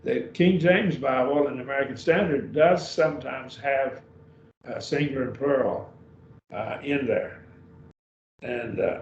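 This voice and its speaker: Heard from a distance in a dull, roomy space, a man runs an introductory Greek class at a church. His mid-range voice is a little mellow, with slight background noise behind it. He is patient and frequently checks on his students' understanding.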